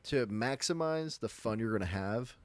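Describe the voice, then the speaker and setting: An excitable man co-hosting a podcast, his pitch swinging up and down as he talks. He fills his talk with filler words and swears, and the sound is dry and close. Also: moderate pace, dry recording. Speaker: podcast co-host. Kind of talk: casual chat.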